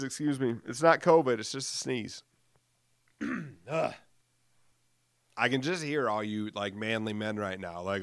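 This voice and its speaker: A man's voice: on the low side, unhurried, long pauses, clear, resonant tone, no echo, clean studio sound. Chatty, foul-mouthed man in his late thirties. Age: late 30s. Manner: chatty, profane, self-mocking, lots of fillers. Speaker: podcast host. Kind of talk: casual solo podcast rambling. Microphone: studio microphone.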